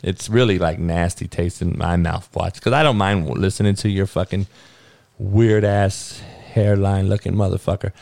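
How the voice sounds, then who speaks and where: A podcast host ranting about sports and the news, swearing heavily and swinging from low muttering to loud outbursts. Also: male voice, steady tone, normal speed, gravelly, dry recording. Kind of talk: profane sports and news rant.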